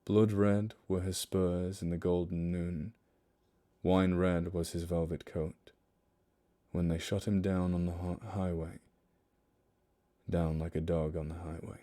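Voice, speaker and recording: Low-voiced man giving a hushed dramatic poem reading. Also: level tone, measured pace. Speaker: livestream narrator.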